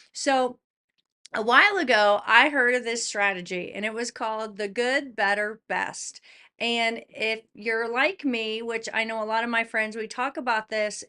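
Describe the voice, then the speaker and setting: Middle-aged woman, upbeat motivational vlogger; bright, slightly high voice, chatty and self-mocking. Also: clear, resonant tone. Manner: chatty, excitable, laughs at herself. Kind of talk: casual talk to camera.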